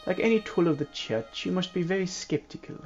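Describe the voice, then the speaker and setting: A man's voice: high voice, fairly quick, lo-fi sound, soft background music, pitched above the performer's own voice. A man reading a stern priest with a put-on French accent, in a raised, preachy voice. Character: stern male priest warning against exorcisms. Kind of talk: reading game dialogue aloud.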